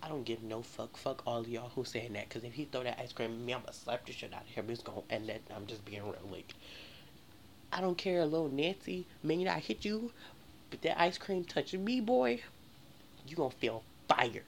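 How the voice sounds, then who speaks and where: A woman, telling a profane, animated storytime rant for her vlog. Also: a bass voice, a little fast, a little hiss or hum. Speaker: vlogger.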